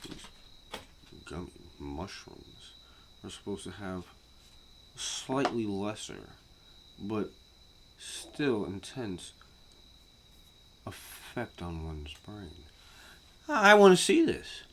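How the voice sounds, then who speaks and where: A man ranting casually to camera as a vlogger, profane and repetitive, swinging from muttering to yelling. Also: low-pitched, animated, extremely slow, long pauses, noisy background.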